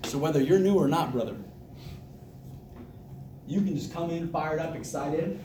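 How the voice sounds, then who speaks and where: High-voiced, hyped man speaking in an echoey room. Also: normal speed, noisy background. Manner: hyped, energetic, repetitive, laughs often. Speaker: team leader giving a motivational talk. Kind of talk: motivational speech to a group. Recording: echoey room, mic from a distance.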